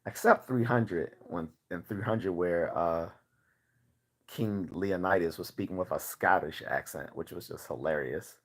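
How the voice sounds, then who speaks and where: A man's voice: low-pitched, a little slow. A man hosting a livestream, chatting casually, laughing at his own stories and restarting sentences. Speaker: livestream host.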